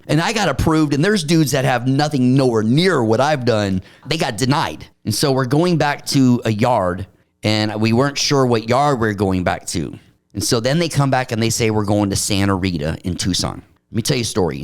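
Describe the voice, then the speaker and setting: A middle-aged man from Arizona, a podcast guest telling his story in blunt, streetwise, animated casual talk. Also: lowish voice.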